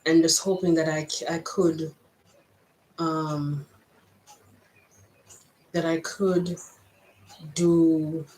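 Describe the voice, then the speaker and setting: Halting woman with an American-Jamaican accent. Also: low voice, level tone, dark tone, rough recording. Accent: mix of American and Jamaican. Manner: reflective, halting, thinking aloud with frequent restarts. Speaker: vlogger. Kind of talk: personal vlog monologue.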